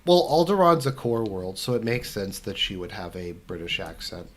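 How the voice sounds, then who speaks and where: A man's voice: fairly low pitch, normal speed. A young man casually answering viewer questions while playing a strategy game, rambling with lots of fillers. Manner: rambling, filler-heavy, restarts. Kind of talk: casual commentary while gaming.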